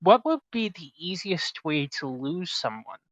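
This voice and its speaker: A young man co-hosting a podcast in casual chat, making offhand deadpan jokes and murmuring agreement. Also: a little high, measured pace, dry recording. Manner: dry, offhand jokes and quiet "mm-hmm" agreement. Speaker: podcast co-host. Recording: dry, dull lo-fi podcast mic.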